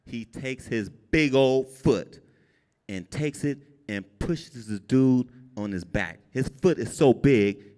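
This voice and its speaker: A man telling a comic story live on stage, animated and jumping high when he quotes people. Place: brewery event space with an audience. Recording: long reverb in a live venue.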